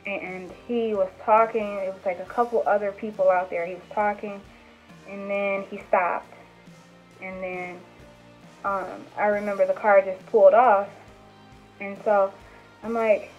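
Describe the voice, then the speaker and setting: A young woman telling a personal story to her camera, chatty and animated, full of fillers and acted-out quotes. Her voice sits in a middle range and comes through a thin, phone-like channel. Faint music plays behind her. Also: mid-range voice, normal speed. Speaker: vlogger. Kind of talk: casual storytelling.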